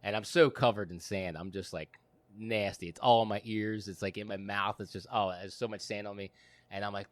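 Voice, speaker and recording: A man with a fairly low voice tells a story in a loose, animated way, full of fillers and bursts of laughter. The sound is dry and close, with no room around it. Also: brisk, no room sound. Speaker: podcast guest. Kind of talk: casual storytelling.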